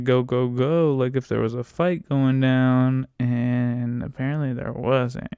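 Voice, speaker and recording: A man's voice: mid-range voice, mellow, clean tone, no echo, studio quality. A man hosting a podcast, rambling through a rideshare story in casual, profanity-laden talk, often quoting himself. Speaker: podcast host and rideshare driver.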